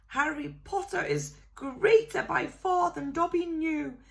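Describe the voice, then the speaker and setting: A woman reading a storybook aloud, voicing a small, loyal house-elf in a very high, shrill, squeaky voice. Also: takes it slowly, gravelly, full character voice. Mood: tearful. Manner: earnest, emphatic, speaks of himself by name.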